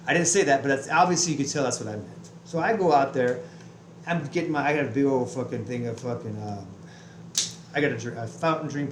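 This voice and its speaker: A man's voice: medium pitch, roomy sound, noisy background. A man telling a heated, profane story about his day in a casual vlog rant, full of restarts. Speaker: vlogger. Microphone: webcam.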